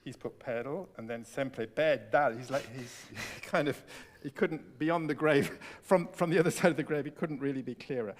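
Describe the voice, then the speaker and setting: A man leading a piano masterclass on a concert hall stage, coaching a student with expressive enthusiasm. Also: mid-range voice, normal speed, few pauses, a little hiss or hum. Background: piano playing.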